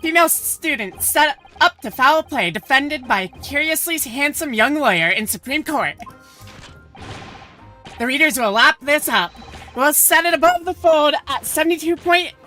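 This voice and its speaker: A woman's voice: high-pitched, expressive, a little slow, pitched above the performer's own voice, exaggerated voice. A woman voicing a brash, pompous male newspaper reporter from a game, reading the lines aloud over game music. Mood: boastful. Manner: showy, headline-shouting delivery.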